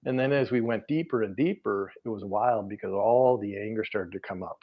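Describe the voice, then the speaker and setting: A man's voice: lowish voice, fairly quick. A middle-aged man, a guest energy healer, telling client stories in a podcast interview, earnest and rambling with many fillers and restarts. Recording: dull lo-fi audio.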